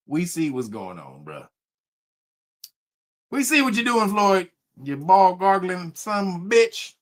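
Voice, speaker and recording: High, lively, mocking male streamer. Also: takes it slowly, pauses often. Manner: animated, mocking, laughing, profane. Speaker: commentary streamer. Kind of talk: casual commentary rant.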